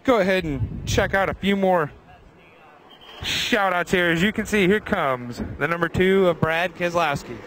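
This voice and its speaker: A man's voice: high voice, moderate pace, a bit bright. A man hosting outdoor trackside commentary, upbeat as he calls out drivers while they pass. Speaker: host. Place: outdoors by a race track's garages. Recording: noisy trackside recording with engines. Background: race cars and engine noise.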